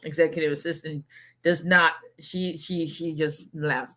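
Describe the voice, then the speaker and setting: A middle-aged woman from Africa hosts a casual livestream as a lawyer, greeting viewers and chatting in a relaxed, rambling way. Her voice sits a little low but rings bright and forceful, and she laughs often between points. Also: measured pace. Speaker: immigration lawyer hosting a livestream.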